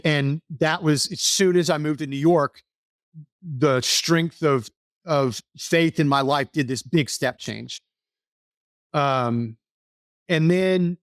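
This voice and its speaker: Podcast guest, Texas-raised man, earnest rambling storyteller, slightly high voice, dry close sound. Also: no room sound. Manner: earnest, rambling, many restarts. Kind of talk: casual storytelling interview.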